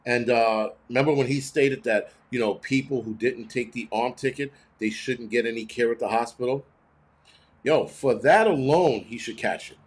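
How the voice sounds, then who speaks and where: A man's voice: mid-range voice, normal speed. A man hosting his own show, ranting in heated, blunt, profane commentary full of rhetorical questions. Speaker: host.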